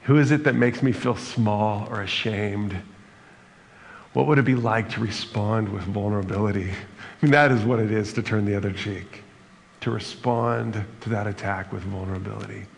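Steady and moderately paced, this pastor's gravelly voice sits on the low side as he preaches an earnest, reflective sermon with touches of humor, closing in prayer. He's in a church sanctuary, and the audio has hall reverb with faint background noise.

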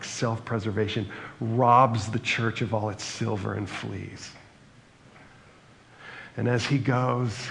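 A man's voice: on the low side, vocal fry, fairly bright tone, a little hiss or hum. A man preaching a sermon in a conversational way, reading scripture passages aloud between his own remarks. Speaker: pastor.

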